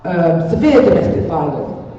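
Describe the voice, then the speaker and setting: An older Englishwoman speaks at a community peace event in a large hall, giving a heartfelt, rambling personal testimony and often repeating her phrases. Her lowish voice is warm and very animated at a moderate pace. Heard from far off, the recording is echoey and muffled, with a little hiss or hum.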